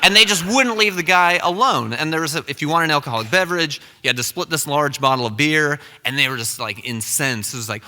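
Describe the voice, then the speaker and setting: A man's voice: on the high side, quick pace, hardly any pauses, bright, forceful tone, big-room sound. A young man telling a comic, self-deprecating story live on stage.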